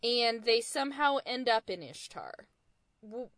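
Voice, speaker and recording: A woman's voice: fairly high pitch, expressive, a little slow, dry recording. Young American woman, dry close voice. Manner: thoughtful, hedging, with soft laughs. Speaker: podcast co-host. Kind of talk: casual chat.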